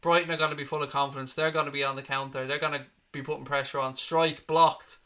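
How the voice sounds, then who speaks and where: During a live football watchalong, the fan channel host responds bluntly to the match and swears without restraint as he narrates for his viewers. His fairly high voice is delivered flatly and quickly, bright, forceful, and clean in tone.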